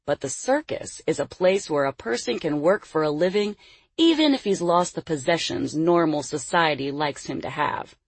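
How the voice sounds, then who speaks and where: A woman reads the part of a slick, menacing male circus boss in a storybook reading, speaking low and husky. He talks smoothly and persuasively, with an edge of threat. The recording is close and dry. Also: expressive, normal speed, no room sound, exaggerated voice. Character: scheming middle-aged male circus sideshow boss. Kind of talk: audiobook character voice.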